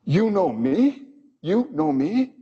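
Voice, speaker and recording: A man's voice: on the high side, lively intonation, moderate pace, darkish tone, slightly rough, voice pushed up. Stern male God figure, raised voice, rhetorical questions by a man lecturing, lo-fi hall sound. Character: mighty male creator God, stern and lofty. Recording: dull audio with long hall reverb.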